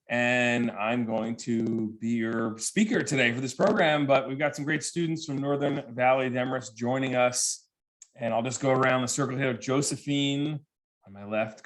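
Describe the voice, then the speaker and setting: A man in his forties giving a comedic keynote talk to students, telling stories with lively, animated delivery and acting out the voices of people he quotes. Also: mid-range voice, normal speed. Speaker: keynote speaker. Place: virtual assembly with students present.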